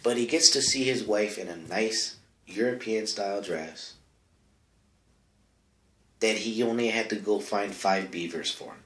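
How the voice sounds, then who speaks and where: A man's voice: lowish voice, a little slow, pauses often, fairly bright tone, reverberant. A man as a comedic character, rambling through a mock history lesson in broken grammar with lots of fillers. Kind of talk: rambling comic monologue.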